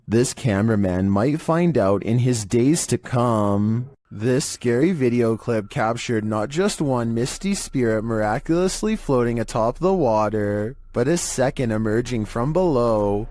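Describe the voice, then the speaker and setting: Monotone man narrating creepy clips. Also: mid-range voice, unhurried, few pauses. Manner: monotone delivery. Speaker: narrator of creepy video countdowns. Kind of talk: scripted narration.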